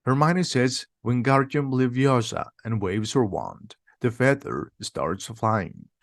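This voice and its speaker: A man's voice: lowish voice, creaky, dry recording, clean studio sound. Man reading a simple audiobook. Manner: slow, plain, steady reading. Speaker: reader.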